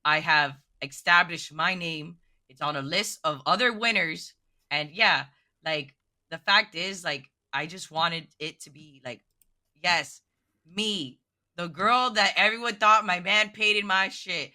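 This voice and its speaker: A woman's voice: lowish voice, takes it slowly. A woman guest on a podcast, chatting casually and emotionally, full of "like" fillers. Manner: excitable, emotional, heavy "like" fillers. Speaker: guest miniature painter.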